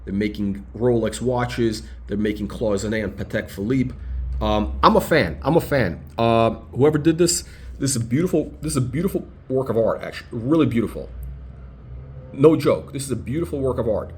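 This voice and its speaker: A man's voice: medium pitch, normal speed. A man reviewing a luxury watch in a casual, unscripted way, rambling and blunt, often stopping mid-sentence to search for a word. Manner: rambling, blunt, full of hesitations and restarts.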